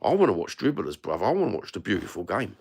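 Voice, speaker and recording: Middle-aged london bloke, really low voice, blunt sweary chat on his phone stream. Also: big pitch swings, fast talker, a little mellow, husky. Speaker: livestream host reading chat. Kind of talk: casual live-chat rant.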